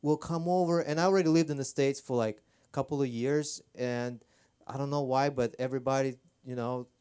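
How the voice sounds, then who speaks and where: A man's voice: mid-range voice, fairly even intonation, fairly quick, darkish tone, clean tone. A man performing rambling, self-deprecating stand-up on a comedy club stage. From Armenia.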